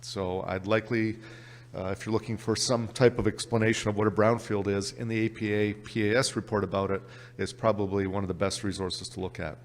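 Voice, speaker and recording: A man with a Canadian accent presenting an exam prep workshop at a conference, brisk and upbeat. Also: on the low side, little pitch movement, long reverb tail. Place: conference session room.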